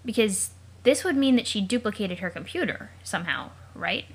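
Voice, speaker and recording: A woman hosting a let's play reads the comic's text aloud in a relaxed, casual way. She talks at an ordinary middle pitch and keeps breaking off into chatty, joking side comments and questions she wonders about aloud. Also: moderate pace, breathy edge.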